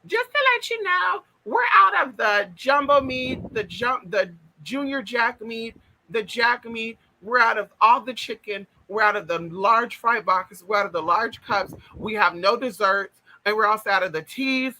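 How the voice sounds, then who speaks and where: A man voicing a weary female fast-food worker reciting apologies in a flat way. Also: very high voice, pitched above the performer's own voice, heavily acted, poor audio. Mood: apologetic.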